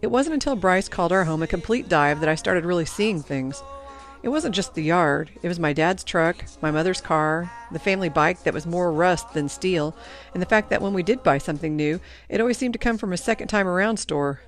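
A woman narrating a first-person story in a reflective, even-paced manner. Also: on the low side, a little fast, faint music behind. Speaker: audiobook narrator.

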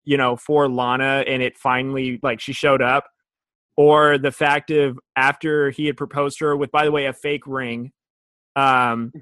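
A man's voice: mid-range voice, little pitch movement, measured pace, a bit bright, dry recording. A man co-hosting a casual chat, laughing often and acting out quotes. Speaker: podcast co-host.

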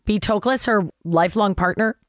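A middle-aged woman tells a story on a podcast, jumping into the voices of everyone in it. Her pitch sits in the middle of the range, and her voice is close and dry with almost no room sound. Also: normal speed, dry recording. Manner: animated storyteller acting out quotes, swears casually. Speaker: actress guest. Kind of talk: casual anecdote telling.

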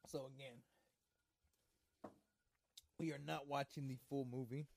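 Rambling, profane man, mellow voice. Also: medium pitch, fairly even intonation, unhurried, gravelly, slight background noise. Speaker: movie watch-along podcast host. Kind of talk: casual chat over a movie.

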